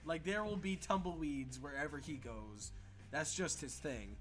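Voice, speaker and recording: A man hosting a live art stream in casual chat, excitable and laughing, swearing freely. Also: fairly high pitch, unhurried, faint music behind. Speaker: stream host.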